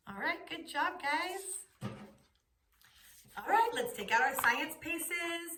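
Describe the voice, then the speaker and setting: A woman's voice: high voice, lively intonation, slow pace, long pauses, noisy background. A woman teaching young children, patiently asking questions and giving the answers. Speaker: preschool teacher.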